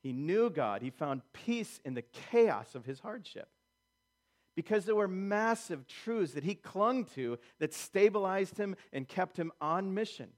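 A male pastor delivering a sermon with a somewhat higher-pitched voice. He jumps into voiced quotations and hammers points home with repetition. His delivery swings between soft asides and forceful declarations. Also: animated, a little slow. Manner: preaching with dramatic voiced quotes and emphatic repetition.

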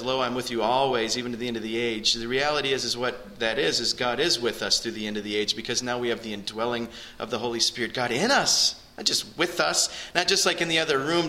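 A man's voice: medium pitch, sharp tone. A man preaching a sermon as a pastor, earnest and rising in emphasis on key phrases.

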